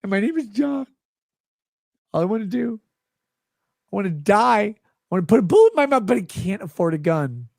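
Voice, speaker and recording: A high, squealing, self-pitying man who pleads and whines, as a drunk man mocks him. The voice swings wildly up and down, with a husky edge, recorded close and dry. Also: big pitch swings, normal speed, long pauses, a little mellow, no room sound, heavily acted. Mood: whiny pleading. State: drunk, slurring.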